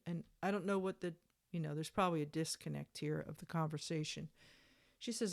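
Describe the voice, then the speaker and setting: A woman's voice: deep voice, steady tone, moderate pace, gravelly. A woman reading messages aloud and breaking in with sarcastic, indignant commentary. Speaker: commentator reading court documents.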